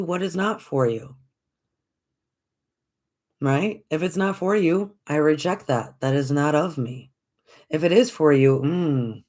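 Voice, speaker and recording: In a mid-range voice, a podcast host delivers a reflective, gentle and encouraging spiritual talk. The host uses repeated phrases and rhetorical questions and keeps calling the audience folks.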